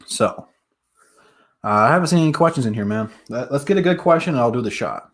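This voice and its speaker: A man's voice: medium pitch, expressive, a little fast, breathy edge. Hyped young man hosting a sports stream. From Detroit area, US. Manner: hyped, talks straight to viewers with fillers. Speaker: sports live stream host. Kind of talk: casual live stream chat.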